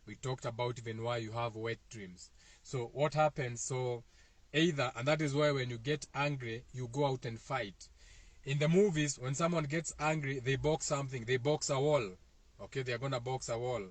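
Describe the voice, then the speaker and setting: Speaking at a moderate pace in a mid-range voice, a Kenyan man with a Kikuyu-speaking accent hosts a rambling self-help wellness talk, a casual spiritual chat for viewers. His delivery is loose, repetitive and meandering, padded with fillers, and there's no room sound.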